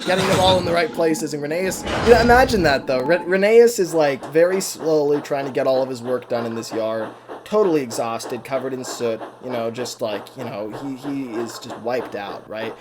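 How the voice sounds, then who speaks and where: Chatty guy cohosting a podcast, fairly high voice, laughs a lot. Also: noisy background. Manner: animated, laughs often, many fillers. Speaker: podcast co-host. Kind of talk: casual chat.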